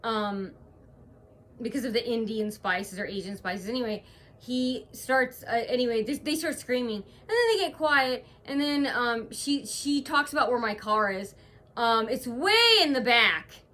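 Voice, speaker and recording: Brief: woman vlogger at home, bright and tense voice, halting aggrieved rant. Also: on the high side, expressive. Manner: rambling, aggrieved retelling full of hesitations. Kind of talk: casual to-camera vlog monologue.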